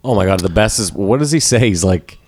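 A man co-hosting a podcast in casual chat, an animated storyteller who swears freely. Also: on the low side, a little fast, a little hiss or hum. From Canada. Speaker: podcast co-host.

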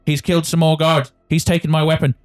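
A man voicing a panicked male jailer in a tabletop game, raising an alarm in a high, strained voice. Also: little pitch movement, fast talker, lightly acted.

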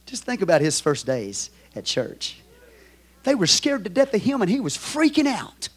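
High-voiced Texan pastor preaching loudly. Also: male voice, huge pitch swings, moderate pace. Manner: swings from low storytelling to loud shouted preaching. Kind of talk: sermon.

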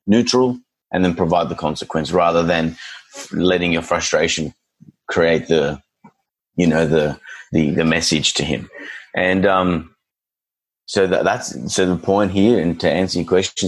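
A man's voice: low-pitched, breathy edge, poor audio. A man who works as a dog trainer, chatting casually and acting out his clients and their dogs as he tells stories. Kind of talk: casual podcast chat.

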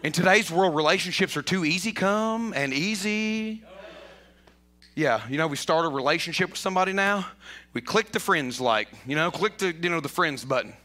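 Bright, animated high-voiced male pastor. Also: moderate pace. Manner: animated, rising to near shouts, repeats himself. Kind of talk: sermon.

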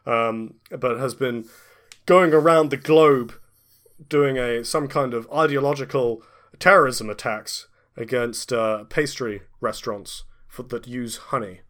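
Man running a tabletop game, mid pitch, lots of uhs and restarts. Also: steady tone, fairly bright tone. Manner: halting, many fillers and restarts. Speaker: game master.

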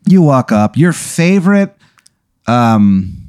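A man's voice: medium pitch, big pitch swings, slow pace, darkish tone, clean tone, no room sound, studio quality. A man hosting a comedy podcast, improvising a rambling second-person story and swearing casually. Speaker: podcast host.

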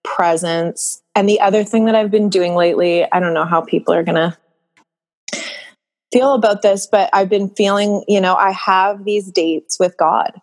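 A woman guest in a candid podcast conversation, speaking in a slow, dreamy, drawn-out way. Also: mid-range voice, steady tone.

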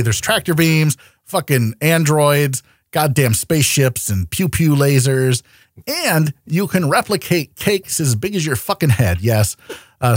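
Male co-host, loose and profane, animated delivery, dead-dry mic. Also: medium pitch, husky, no room sound. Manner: profane, jokey, laughs often. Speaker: podcast co-host. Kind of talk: casual chat.

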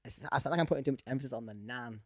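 A young man chats loosely as co-host of a podcast, drifting from thought to thought and laughing often. His voice sits at an ordinary middle pitch. The sound is dry and close. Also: rapid-fire, dry recording. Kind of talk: casual chat.

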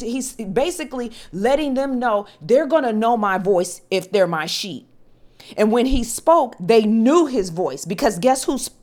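A woman podcast preacher teaching the Bible in sermon style, impassioned and repetitive, building to emphatic peaks. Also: fairly high pitch.

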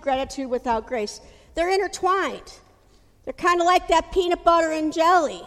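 A woman's voice: sits high, fairly bright tone. A woman preaching a sermon in a folksy, casual storytelling way. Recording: hall reverb.

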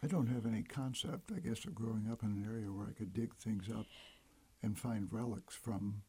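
Male host from Detroit, mellow husky voice, dry close mic. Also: on the low side, normal speed. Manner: warm, encouraging questioner, thanks often. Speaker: talk show host. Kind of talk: interview host.

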